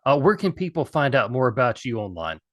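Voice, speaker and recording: A man's voice: mid-range voice, very animated, fairly quick, fairly bright tone, dry recording, studio quality. A man hosting a podcast interview, asking questions in a friendly, encouraging way. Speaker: podcast host.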